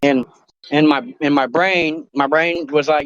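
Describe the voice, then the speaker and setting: A man co-hosting a talk show in crude casual chat, rambling and halting, swearing often. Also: fairly high pitch, steady tone, a bit bright. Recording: dry, dull lo-fi sound.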